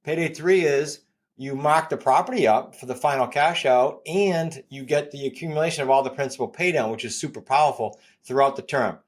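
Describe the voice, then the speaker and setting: A man in his fifties with a New England accent talks at a middling pitch as a podcast guest. He pitches his ideas with energy, hammering home key figures and repeating himself for emphasis. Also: a little fast. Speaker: guest, real estate coach. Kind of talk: podcast interview.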